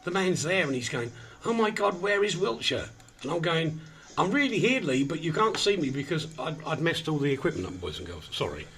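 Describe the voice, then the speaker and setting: A man's voice: fairly high pitch, big pitch swings, brisk, a bit bright. A man hosting an online radio show in casual, self-mocking chat, flustered while he fights with his equipment.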